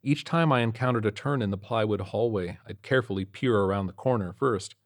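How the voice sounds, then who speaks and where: A man's voice: on the low side, brisk. Man narrating a tense horror story. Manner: tense, building suspense.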